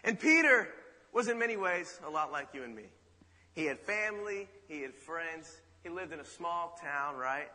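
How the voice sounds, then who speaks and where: A man preaching a sermon, retelling a story in a dramatic, animated way with rhetorical asides. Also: a little high, moderate pace. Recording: reverberant hall.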